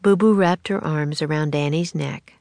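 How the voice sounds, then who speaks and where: Low-voiced woman reading a storybook. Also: normal speed, creaky, no room sound. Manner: steady, expressive storytelling. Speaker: narrator. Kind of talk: children's storybook read-aloud.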